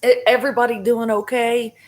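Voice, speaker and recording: A middle-aged woman who streams spiritual readings chats casually and directly to her viewers in a live session. Her fairly high voice is brisk and flat in delivery, and she rambles with many fillers and restarts.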